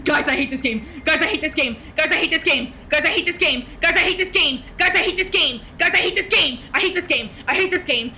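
A young woman streaming a horror game on a headset mic, rambling and panicking out loud. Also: high voice, quick pace, hardly any pauses, slight background noise. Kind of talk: live gameplay streaming.

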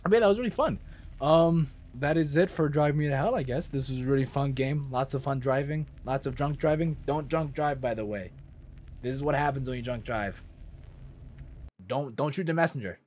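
A young man giving let's play commentary on a horror game, excitable and cursing loudly when startled. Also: medium pitch, normal speed, slight background noise. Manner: excitable, swears and yells when scared. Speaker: gaming video creator.

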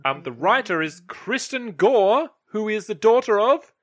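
A man's voice: high-pitched, very animated, a little slow, over a noisy crowd. A man hosting a casual podcast, reading out episode credits and trivia and steering the discussion between his co-hosts. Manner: reads out episode credits and trivia, moderates the talk. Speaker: podcast host.

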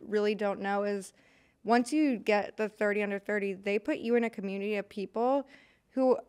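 A woman's voice: medium pitch, normal speed, smooth. A woman in her twenties, a brand co-founder guest, chatting casually and acting out quotes as she tells stories. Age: 20s. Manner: animated storytelling, acts out quotes. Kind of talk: casual chat.

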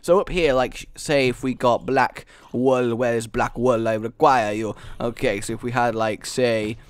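A young man giving casual, rambling commentary while building in a game, excitable and thinking out loud. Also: medium pitch, normal speed, smooth. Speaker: gaming video creator. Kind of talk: casual let's-play commentary.

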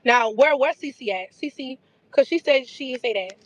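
A woman's voice: sits high, animated, normal speed. A woman arguing bluntly and profanely on a group phone call. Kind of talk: heated phone call argument. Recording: muffled phone-call audio.

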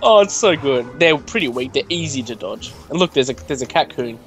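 A young man co-hosting a let's play, chatting in an excitable way and laughing often, over a headset or desk mic. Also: mid-range voice, brisk, soft background music. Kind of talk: casual gaming chat.

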